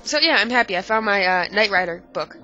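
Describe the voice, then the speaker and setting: Woman gamer, stuffy nose, sarcastic and swearing, bright voice, muffled lo-fi audio with faint music. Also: mid-range voice, lively intonation, fairly quick. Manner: profane, exasperated, sarcastic. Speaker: let's play gamer. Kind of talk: casual game commentary.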